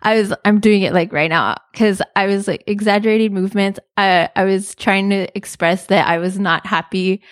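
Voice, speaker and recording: A young woman tells a story in a loose, chatty way. She laughs often and fills her talk with "like". Her voice sits at a middle pitch, recorded dry and close with no room sound. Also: moderate pace, hardly any pauses, dry recording. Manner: chatty, animated, lots of "like" and laughs. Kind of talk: casual storytelling.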